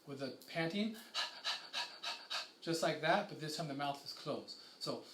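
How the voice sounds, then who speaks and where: A man's voice: a little high, a little hiss or hum. Man guiding a yoga class, echoey room. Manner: calm, slow guiding chant with many fillers. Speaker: yoga instructor. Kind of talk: guided breathing and kundalini yoga class. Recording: echoey room with faint ambience.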